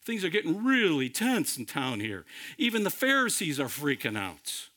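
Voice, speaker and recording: Male pastor, sermon delivery, lively pitch, fairly high voice, dramatic loud-to-hushed swings. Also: normal speed. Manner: addresses listeners directly as friends.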